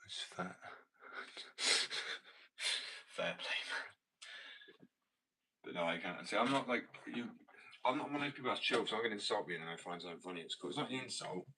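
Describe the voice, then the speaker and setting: An English-accented skater who runs a small business answers viewer comments about skating and his company, blunt, rambling and self-assured. His lowish voice is bright and forceful, brisk but broken by long pauses, with a little hiss or hum in the recording.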